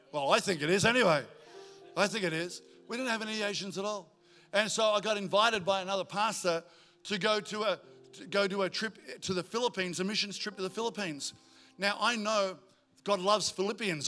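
A male pastor, preaching a sermon in a church in a joking, energetic way. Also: high voice, fairly quick, soft background music. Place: church auditorium.

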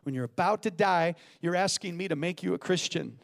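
A man voicing God speaking from heaven, measured and reproving. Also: high voice, gravelly, in a large hall.

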